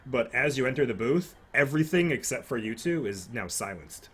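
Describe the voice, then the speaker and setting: A man's voice: medium pitch, expressive, moderate pace, breathy edge. A man narrating a tabletop game as game master, loose and rambling, with many fillers.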